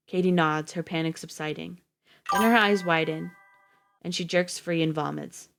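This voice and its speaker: Woman, story narration, steady, even, slightly low voice. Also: normal speed, creaky. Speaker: audiobook reader on a livestream.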